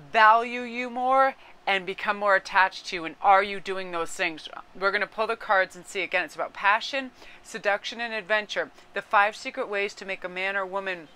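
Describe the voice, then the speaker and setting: A woman's voice: medium pitch, pushed and bright, clean tone. A woman giving a casual tarot reading, chatting with her viewers and aside to her cat. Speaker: tarot card reader.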